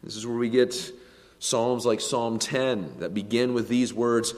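Male pastor preaching, gets loud then hushed, long echo of a church hall behind him. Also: medium pitch, fairly even intonation, a little slow. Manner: emphatic, swings between hushed and raised voice. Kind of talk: sermon.

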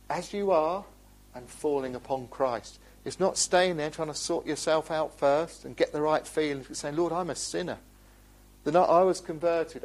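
A man preaching a sermon in a church, earnest and pleading, moving between urgent appeals and quiet, gentle asides. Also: medium pitch, poor audio. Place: church building.

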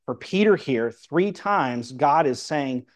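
A man's voice: on the high side, animated, takes it slowly. A man preaching, explaining a Bible passage verse by verse and reading scripture aloud. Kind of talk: Bible teaching sermon.

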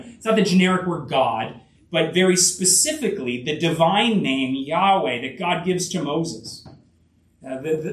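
A man's voice: on the high side, roomy sound, distant mic. A man preaching a sermon as a pastor, emphatic and repetitive, with frequent fillers and restarts.

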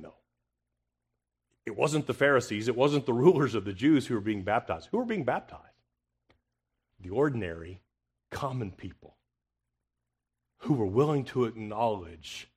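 A man preaching a confrontational expository sermon, asking rhetorical questions and swinging from loud emphasis to hushed tones. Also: lowish voice, husky.

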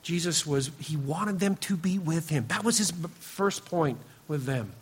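A man preaching a sermon to his congregation, earnest and emphatic, often dropping to a quieter, lower voice and addressing listeners by name. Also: expressive, measured pace, husky. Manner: speaks directly to the congregation, teasing members by name. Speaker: pastor.

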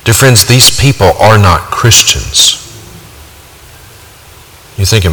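A man preaches with a low, forceful, bright-edged voice that presses hard on each point. His words ring out with a long reverb, as if spoken in a large hall. He hammers his points home with emphatic repetition. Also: slow, long pauses. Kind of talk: sermon.

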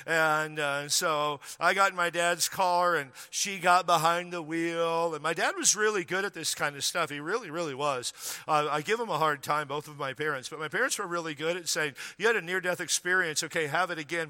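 A man's voice: fairly high pitch, pushed and bright. Pastor guy telling stories in a sermon, joking then preaching hard, big church echo. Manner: conversational, humorous, building to emphatic preaching. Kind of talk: storytelling sermon. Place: church sanctuary. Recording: long reverb of a large hall.

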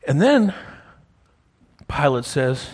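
Husky-voiced man preaching a sermon. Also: fairly high pitch, very animated, takes it slowly, a little mellow. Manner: storytelling, checks in with listeners often. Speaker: pastor. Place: church sanctuary. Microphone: wears a clip-on mic.

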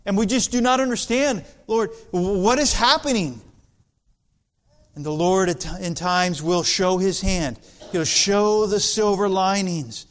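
A man preaching an expository sermon as pastor, slow and deliberate, building to emphatic passages. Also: sits high, clear, resonant tone.

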